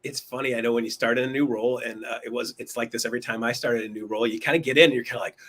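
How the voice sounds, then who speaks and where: A man's voice: mid-range voice, fairly even intonation, very fast, fairly bright tone, slight background noise. A man hosting a weekly online show, chatting in an upbeat, casual way with fillers and restarts. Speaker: host. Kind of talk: casual livestream talk show.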